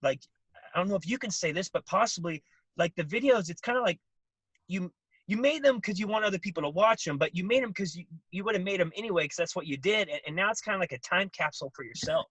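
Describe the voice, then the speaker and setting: Man, interview guest, bright husky voice, fairly high, animated storytelling. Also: fast talker, no echo, poor audio. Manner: animated storytelling, acts out voices, many restarts. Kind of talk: casual interview.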